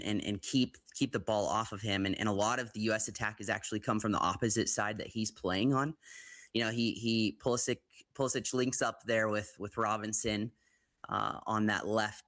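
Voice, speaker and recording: A man's voice: fairly low pitch, a bit bright, no echo. A man from the United States talking football as a guest pundit on a live show, hesitant and full of fillers and restarts. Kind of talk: live football commentary chat.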